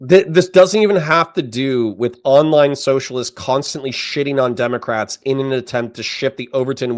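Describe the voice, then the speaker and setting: A man commenting live on a debate stream, heated and profane, ranting in quick bursts. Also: medium pitch. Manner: heated, profane, rapid rants.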